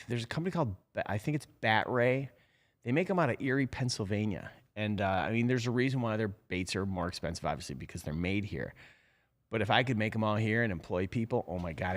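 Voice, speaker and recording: A middle-aged man hosting a live show, talking casually in a rambling, chatty way full of fillers. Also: lowish voice. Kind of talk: casual live-stream talk.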